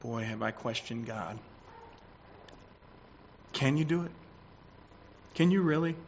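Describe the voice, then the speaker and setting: A man preaching a sermon, swinging between loud declarations and quiet asides. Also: mid-range voice, slow, creaky, a little hiss or hum. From United States. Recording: dull lo-fi recording.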